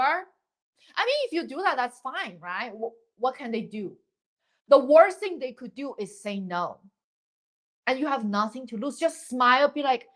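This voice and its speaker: A woman's voice: high voice, lively intonation, normal speed, a bit bright. A young woman chatting on a livestream, rambling with lots of fillers and restarts as she gives dating advice and thanks viewers. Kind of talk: casual livestream chat.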